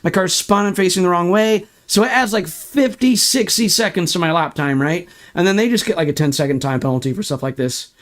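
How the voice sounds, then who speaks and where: High-voiced man ranting about racing. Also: brisk, few pauses, a bit bright. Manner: frustrated, ranting, swears, talks through replay footage. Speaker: sim racing streamer. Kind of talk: ranting livestream commentary.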